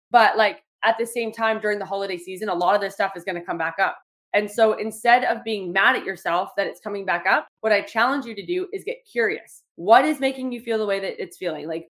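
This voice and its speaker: A woman hosting a solo podcast, talking casually with many "like" fillers and acting out little quoted exchanges. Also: mid-range voice. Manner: chatty, lots of "like" fillers, acts out quotes. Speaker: podcast host.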